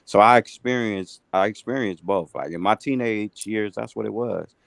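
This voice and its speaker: A man in his late thirties telling stories in a relaxed, slangy podcast chat. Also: lowish voice, moderate pace, vocal fry, no room sound. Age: 30s. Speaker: podcast co-host.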